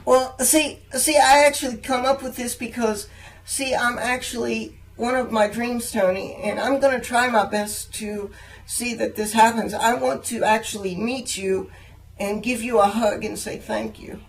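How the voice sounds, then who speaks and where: A young man interviewing a guest, earnest and halting, with frequent fillers and restarts. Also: very high voice, steady tone, vocal fry, poor audio. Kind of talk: casual interview chat.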